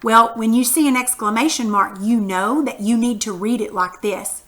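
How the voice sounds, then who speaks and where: A woman with a bright, fairly high voice teaches punctuation to young children. She speaks patiently and encouragingly, asking them to read along and stretching out example sentences to show emphasis. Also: normal speed, hardly any pauses.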